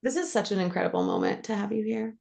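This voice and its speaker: A woman's voice: medium pitch, fast, vocal fry, a little mellow. A woman hosting a coaching podcast, talking casually and emotionally, swearing freely and praising her guest. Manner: swears freely, effusive and affectionate. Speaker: podcast host and life coach. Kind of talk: emotional casual interview chat.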